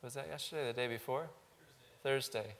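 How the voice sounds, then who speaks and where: Gravelly-voiced pastor leading a service. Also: male voice, medium pitch, fairly bright tone, slight background noise. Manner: halting, with frequent ums. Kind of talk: church service address and prayer.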